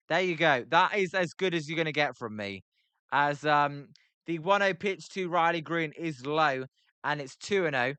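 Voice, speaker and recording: A man's voice: fairly high pitch, expressive, a little slow, bright, forceful tone, smooth, dry recording. A British man doing live baseball play-by-play for a stream, chatting with viewers, full of filler ums and self-deprecating asides. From Britain.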